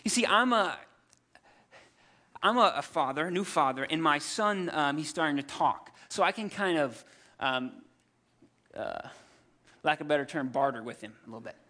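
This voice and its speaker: A man in his thirties preaching a sermon, telling scripture stories in a lively, humorous way and acting out the characters. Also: fairly high pitch, normal speed, long pauses. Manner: animated storytelling, acts out scripture characters with humor. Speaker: pastor.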